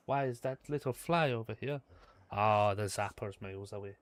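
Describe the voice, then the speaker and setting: A man's voice: fairly low pitch, slight background noise. Sweary Scottish man streaming a game. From Scotland. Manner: chatty, swears a lot, quick to self-mockery. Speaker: gaming streamer. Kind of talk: casual live gameplay commentary.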